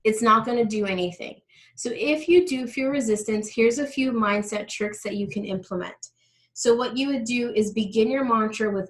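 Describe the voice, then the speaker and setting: A woman's voice: medium pitch, moderate pace, poor audio. A woman teaching a live online workshop on money mindset, explaining steps and speaking directly to her audience.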